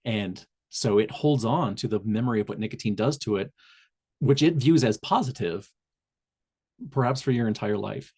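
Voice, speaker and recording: A public health trainer with a Southern Indiana accent presents a webinar over a video call, his voice on the low side, darkish and slightly rough, at normal speed. He talks loosely, with lots of fillers and restarts.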